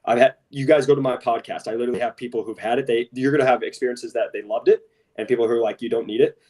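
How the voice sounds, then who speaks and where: A man's voice: medium pitch, steady tone, quick pace, a little mellow, recorded from a distance. Blunt, impassioned man on a podcast. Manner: blunt, impassioned, repeats "straight up" and "literally". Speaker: podcast co-host. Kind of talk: casual podcast talk.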